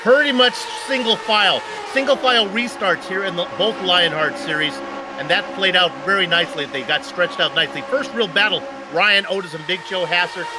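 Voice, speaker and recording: A man's voice: high-pitched, brisk, noisy background. A man co-commentating a sim race, upbeat and joking as he goes through race stats.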